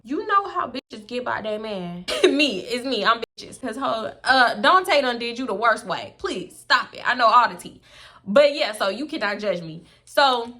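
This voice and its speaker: Young woman vlogger, bright and forceful voice, animated storyteller. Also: fairly high pitch, measured pace. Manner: animated, sassy, acts out the characters in the story. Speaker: storyteller, channel host. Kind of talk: casual storytime vlog.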